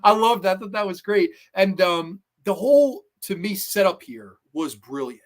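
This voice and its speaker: High-voiced, excitable male horror host. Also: normal speed, few pauses. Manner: enthusiastic, rambling fan talk. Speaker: horror movie reviewer and host. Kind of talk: livestream chat and movie review.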